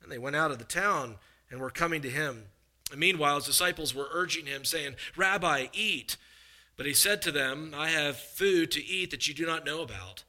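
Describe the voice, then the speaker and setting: Male evangelist mid-sermon, bright and slightly high voice, dramatic swings between loud and hushed delivery. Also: fairly quick. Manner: animated, rising to emphatic bursts, then dropping low and confiding. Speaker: preacher.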